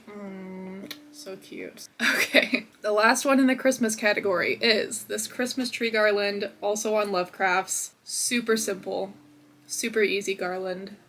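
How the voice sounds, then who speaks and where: A young woman hosts a crochet video from her home office, chatting casually and upbeat in vlog style with plenty of filler words. Her mid-range voice is a bit bright, and the recording carries a little hiss or hum.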